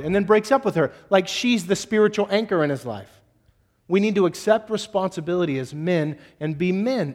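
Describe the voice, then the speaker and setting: A man's voice: sits high, animated, normal speed. Blunt, exhorting male pastor. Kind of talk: sermon.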